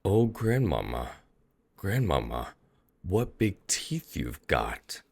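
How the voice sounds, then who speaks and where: A deep-voiced man playing a wondering little girl in a storybook tale, her voice only slightly lifted from a very low register. She draws each question out slowly, with a gravelly edge that stays underneath. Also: sing-song, full character voice. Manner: slow, drawn-out questions.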